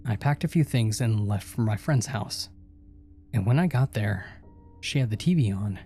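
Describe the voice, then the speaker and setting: Lower-voiced man narrating horror stories. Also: animated, normal speed, dark tone, faint music behind. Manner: voices each character in dialogue.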